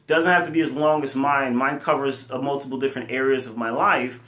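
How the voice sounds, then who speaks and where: Bright-voiced man in an echoey room. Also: medium pitch, brisk. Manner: earnest, animated storyteller, many fillers. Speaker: fitness company CEO and coach. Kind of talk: casual motivational talk to camera. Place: room with his computer.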